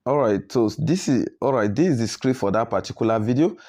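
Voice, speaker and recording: A man with a Nigerian English accent walking learners through a software tutorial, often checking in with a rising "okay?". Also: mid-range voice, expressive, a little fast. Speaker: video editing tutor. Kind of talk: screen tutorial walkthrough.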